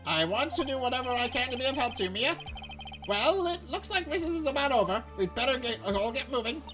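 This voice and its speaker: A man's voice: extremely high pitch, expressive, fast, over music, pitched above the performer's own voice. A man voicing a fussy, patronizing older male defense lawyer. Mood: pompous. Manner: pompous, patronizing.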